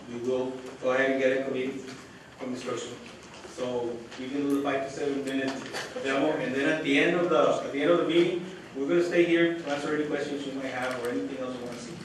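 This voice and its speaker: A man's voice: a little high, slight background noise. A man, a school district official, explains plans to a committee plainly and matter-of-factly in a large meeting room. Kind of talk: meeting remarks. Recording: very echoey room audio from far off.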